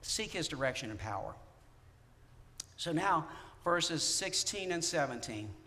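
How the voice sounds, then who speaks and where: A man preaching a sermon in a conversational, animated way, with casual asides to the congregation. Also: fairly high pitch, measured pace. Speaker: pastor. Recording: long reverb of a church hall.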